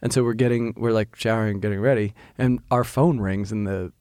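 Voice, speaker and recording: A man co-hosting a podcast, telling a casual anecdote in a relaxed, animated way. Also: on the low side, fairly quick, clear, resonant tone, dry recording. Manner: animated anecdote with acted-out voices. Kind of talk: casual storytelling.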